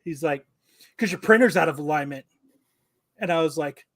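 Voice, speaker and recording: A man co-hosting a podcast, telling a story in a casual, animated way, swearing and acting out both sides of the conversation. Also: a little high, fairly quick, long pauses. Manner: animated, profane, acts out quoted exchanges. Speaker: podcast co-host.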